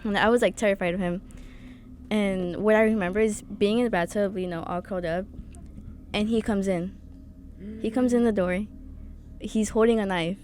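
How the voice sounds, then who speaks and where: A young woman tells a personal story as a podcast guest, in a mid-range voice. She talks haltingly, with frequent laughs. A faint background hiss sits under the recording. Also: medium pitch, steady tone, a little mellow. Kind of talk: casual chat.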